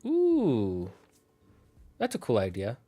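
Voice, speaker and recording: A man thinking aloud on a casual solo stream, building out a fantasy town with halting, restarting speech. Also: fairly low pitch, expressive, no echo.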